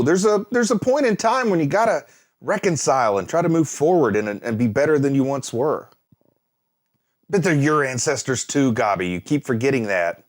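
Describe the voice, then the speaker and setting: A man's voice: medium pitch, expressive, moderate pace. A man hosting an anime reaction, chatting casually, exclaiming and laughing at the screen, then musing aloud. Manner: muses aloud, thinking things through.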